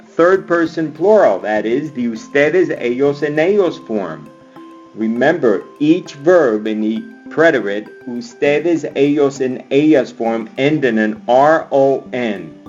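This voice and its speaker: A man's voice: mid-range voice, darkish tone, lo-fi sound. A male Spanish teacher giving a screen-recorded grammar lesson, upbeat and chanting verb endings like a cheer. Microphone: computer mic on screencast.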